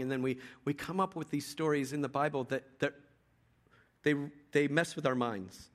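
Conversational preacher man. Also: fairly high pitch. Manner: conversational storytelling with restarts. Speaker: pastor. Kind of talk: sermon.

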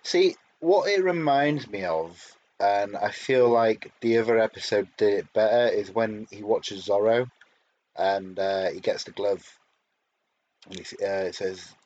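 Low, husky male podcast co-host on a dull lo-fi mic, hesitant and lively. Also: measured pace. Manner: hesitant, many restarts and fillers. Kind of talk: casual episode review chat.

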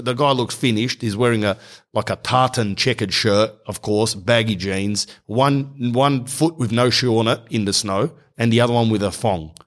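A man's voice: on the low side, a bit bright. Rambling Australian man telling a story. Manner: rambling, digressive, slangy. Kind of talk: comedic anecdote.

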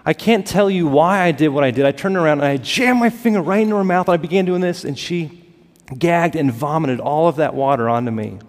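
A man preaching a sermon as pastor, building to emphatic peaks and dropping to soft, quiet lines. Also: fairly high pitch, fairly quick. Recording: long reverb of a large hall.

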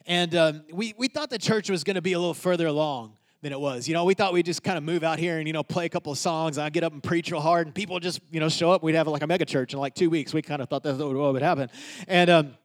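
This pastor's sermon includes a personal anecdote delivered in waves of loud, emphatic lines and quiet, hushed ones. His pitch is fairly high, his tone steady, and his pace fast.

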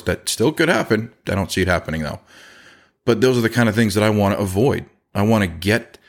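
Deep-voiced man, candid podcast monologue. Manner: earnest, self-deprecating, repeats phrases, quick restarts. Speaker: podcast host, chimney business owner.

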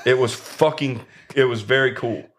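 A man guest on a casual podcast, swearing a lot as he excitedly insists his story is true. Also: medium pitch, moderate pace. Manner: crude, excitable, heavy swearing.

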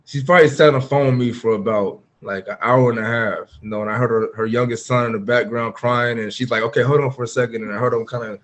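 A man speaking at an ordinary mid pitch, telling his own story as a podcast guest. His talk is earnest and open, loose and conversational, full of fillers. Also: steady tone, fast talker, hardly any pauses, fairly bright tone. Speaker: podcast guest, former pro football player. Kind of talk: candid personal storytelling in a conversation.

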